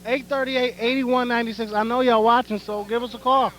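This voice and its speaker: A man's voice: very high-pitched, little pitch movement, fairly quick, fairly bright tone, a little hiss or hum, low-quality recording. Joking man on old live TV tape. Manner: loose, joking, swearing. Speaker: telethon participant eating cereal. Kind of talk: joking live broadcast banter.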